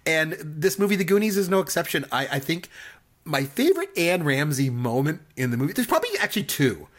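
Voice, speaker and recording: A man's voice: fairly high pitch, very animated, a little fast. A man talking enthusiastically about a film in a casual discussion, laughing often and using many fillers.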